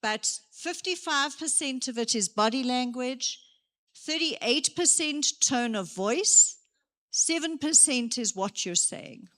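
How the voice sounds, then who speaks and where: A woman giving a motivational career day talk in a church hall, lively and full of acted examples. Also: high-pitched, takes it slowly. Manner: lively, gives acted examples, moves around.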